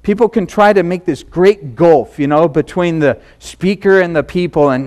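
A man in his thirties delivers a church sermon with plenty of humor, high-pitched for a man. He tells playful stories and acts out sounds and voices to land his point. His delivery is lively and easygoing. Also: a little fast. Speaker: pastor. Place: church hall.

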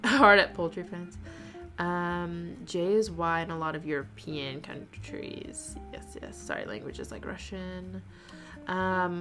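Female streamer, chatty and giggly, lowish pitch with gravelly fry, reads chat aloud over faint guitar. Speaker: knitting livestream host. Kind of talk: casual chat, reading viewer comments aloud.

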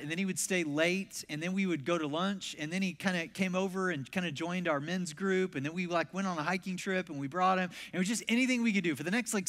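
Male pastor, storytelling sermon, slightly high voice, animated, echoing church hall. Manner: animated, acts out quoted voices. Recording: long hall reverb.

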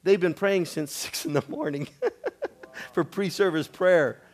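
A man with a fairly high voice delivers a storytelling sermon to a congregation. He talks in a loose, conversational way and acts out the back-and-forth of the people in his story. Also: normal speed. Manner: conversational, acting out quoted dialogue. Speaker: guest preacher. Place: church sanctuary with a congregation.

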